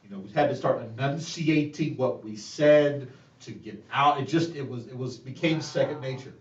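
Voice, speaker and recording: A man's voice: medium pitch, normal speed. A man with a Southern US accent, a dungeon master chatting in a rambling, chatty way and laughing often. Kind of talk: casual chat between game sessions. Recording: dull, echoey room audio from a distance.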